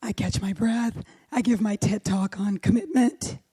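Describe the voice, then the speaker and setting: Hoarse, breathy woman preaching. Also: medium pitch, fairly even intonation, measured pace, dark tone, no echo. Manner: emphatic, dropping often to a breathy whisper. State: hoarse, voice worn. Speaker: minister. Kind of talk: sermon with opening prayer.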